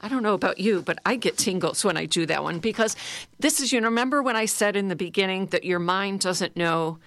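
A woman's voice: medium pitch, expressive, brisk, fairly bright tone, no room sound. A middle-aged woman instructor leading a guided laughter exercise class in a playful way, chanting and laughing along.

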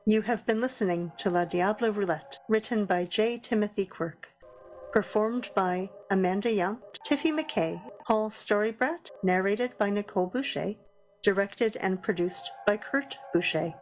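A woman's voice: mid-range voice, soft background music. Woman narrating a radio drama. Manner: measured, deliberate storytelling. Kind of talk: scripted audio-drama narration.

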